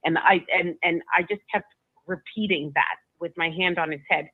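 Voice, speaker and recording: A woman being interviewed, telling a personal story in a halting way, often restarting and repeating her words. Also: on the low side, fairly even intonation, dry recording. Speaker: guest recounting a personal story. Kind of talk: emotional first-person storytelling. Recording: tinny phone-like line, dry.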